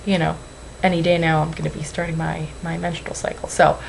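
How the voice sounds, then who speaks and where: A woman's voice: deep voice, flat delivery, a little fast, creaky, slight background noise, poor audio. A young woman vlogging at home into a webcam, rambling and apologizing, anxious and close to tears. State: tearful. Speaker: weight-loss vlogger. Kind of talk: emotional webcam vlog.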